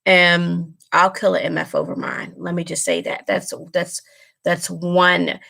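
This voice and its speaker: A woman vlogger with a low, level, gravelly voice that's a bit bright talks a little slowly in a casual direct-to-camera chat. She's earnest and emotional, repeating herself along the way.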